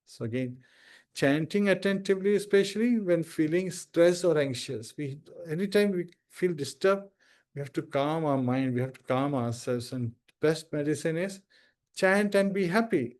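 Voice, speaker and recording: A man giving a devotional scripture discourse, telling a story in an unhurried, conversational way and often asking "right?". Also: a little high, lively intonation, darkish tone. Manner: unhurried, conversational, frequent "you know" and "right?".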